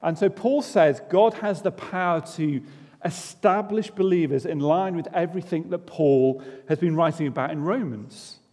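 A man's voice: a little high, normal speed, darkish tone, in a large hall. A man preaching a sermon to his congregation in a chatty way, asking them rhetorical questions and joking at his own expense. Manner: self-deprecating humour. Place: church.

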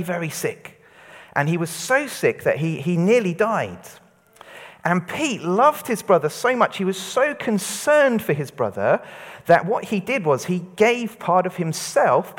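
A man's voice: a little high, big-room sound. A man preaching an all-age church talk, getting children and adults to say words back to him. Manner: lively, interactive, leading call-and-response. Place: church hall.

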